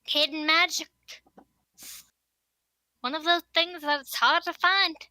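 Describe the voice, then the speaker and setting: High, bright woman speaking slowly. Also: steady tone, no room sound. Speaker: player. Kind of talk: casual tabletop game play.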